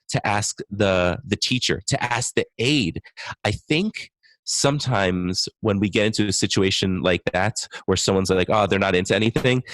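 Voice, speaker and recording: Low-voiced enthusiastic man. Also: fairly bright tone, dry recording. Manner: enthusiastic, thinking aloud. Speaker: guest, speech-language pathologist. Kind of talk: podcast interview.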